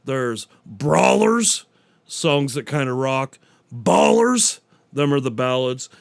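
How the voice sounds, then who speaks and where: A man's voice: mid-range voice, very animated, slow pace, gravelly, clear, resonant tone, no room sound. A man hosting a solo podcast, chatting casually and rambling, swearing freely and acting out bits of dialogue. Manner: rambling, profane, acts out quotes. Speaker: podcast host. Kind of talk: casual solo movie talk.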